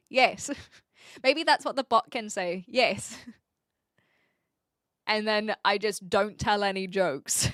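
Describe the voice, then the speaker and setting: A woman's voice: medium pitch, takes it slowly, long pauses, a bit bright, dry recording, studio quality. A woman streamer chatting casually and reading viewer comments aloud, giggly and joking. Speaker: livestreamer.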